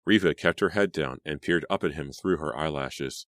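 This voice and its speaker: A man narrating an audiobook in a steady storytelling manner. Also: rumbling low, normal speed, no room sound, clean studio sound.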